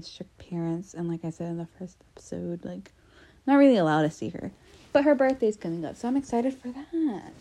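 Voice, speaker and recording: A young woman with an American accent talks casually through her solo podcast. Her voice is warm and mellow and sits on the lower side. She rambles in a self-deprecating way and trips over her words with plenty of fillers and restarts. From United States. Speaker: podcast host.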